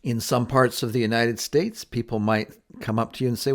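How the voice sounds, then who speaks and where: A man teaching a beginner English lesson, saying phrases clearly and repeating them for learners to copy. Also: mid-range voice, fairly even intonation, normal speed.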